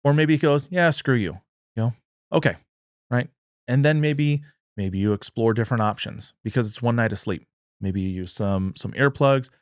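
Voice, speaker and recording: A man's voice: medium pitch, normal speed, clean tone, no echo, studio quality. A man talking earnestly in a political discussion and acting out the quoted dialogue. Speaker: podcast guest, party chair.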